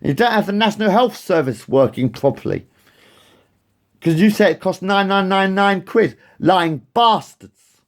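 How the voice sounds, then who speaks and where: A man's voice: fairly high pitch, animated, moderate pace. A man venting in a rambling, profane rant to camera, angry and repeating himself. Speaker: vlogger. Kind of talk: ranting monologue to camera.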